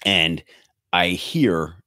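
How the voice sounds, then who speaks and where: A man's voice: deep voice, animated, very slow, bright, forceful tone, no echo, clean studio sound. A man in his thirties hosting a podcast from his bedroom, ranting sarcastically with plenty of swearing. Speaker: podcast host. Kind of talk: comedic rant. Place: bedroom at home. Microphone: webcam setup.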